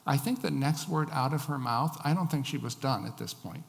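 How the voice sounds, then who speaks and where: A man preaches from the pulpit, reading scripture and explaining it line by line. His voice sits at an ordinary middle pitch. The sound rings with the long reverb of a church hall. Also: normal speed, gravelly. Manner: reads scripture aloud and explains it; acts out quoted lines with rising emphasis. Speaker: pastor. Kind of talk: sermon.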